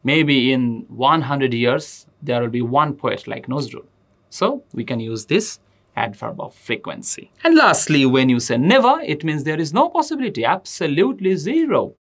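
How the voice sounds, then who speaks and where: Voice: medium pitch, big pitch swings, moderate pace. A teacher giving a grammar lesson, addressing students directly and repeating example sentences with emphasis. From Bangladesh. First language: Bengali.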